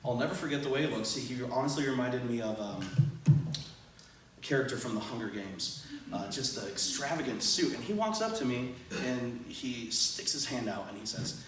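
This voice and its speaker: A man tells a funny personal story live, playful and self-mocking, laughing along as he goes. His voice sits at an ordinary middle pitch. The sound bounces around a big echoey room and comes from some distance from the mic. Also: normal speed, a little hiss or hum. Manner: animated, self-deprecating, laughs often. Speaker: teacher telling a story on stage. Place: event venue with audience, large room.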